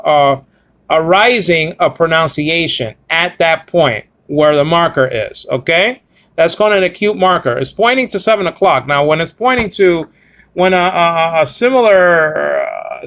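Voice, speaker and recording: Halting, higher-voiced man teaching Greek. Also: a bit bright. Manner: halting, with frequent fillers and "okay?" checks; slowly sounds out words and spells letters. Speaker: Bible language teacher. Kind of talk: informal Greek grammar lesson.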